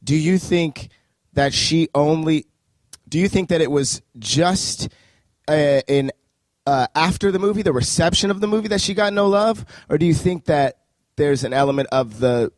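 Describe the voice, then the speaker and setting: A man's voice: fairly high pitch, normal speed, dry recording. A man co-hosting a live podcast discussion of a film, asking probing, analytical questions. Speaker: podcast co-host.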